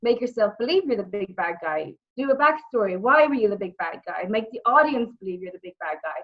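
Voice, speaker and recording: A young woman with a Dublin Irish accent, a guest telling lively stories in a casual interview. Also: medium pitch, fairly quick. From Ireland. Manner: animated storytelling, repeats words, acts out quotes. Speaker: interview guest, former wrestler and actress. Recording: muffled lo-fi audio.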